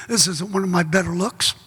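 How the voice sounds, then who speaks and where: A middle-aged man preaching a sermon as pastor, folksy and joking, bursting into shouts. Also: high-pitched, normal speed, slight background noise. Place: large church hall. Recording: echoey church hall.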